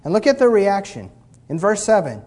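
Male pastor, sermon delivery, slightly raised pitch, emphatic with wide swings in loudness, sardonic asides. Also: wildly swooping pitch, normal speed. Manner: emphatic, swings between loud and quiet; mocks complainers with blah-blah asides.

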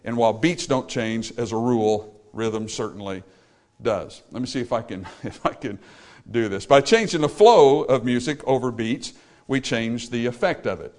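A man's voice: medium pitch, normal speed, darkish tone. A man preaching a sermon, talking straight to his listeners with emphasis, and sometimes singing a short phrase as an example. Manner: emphatic, talks straight to the congregation. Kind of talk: sermon on music.

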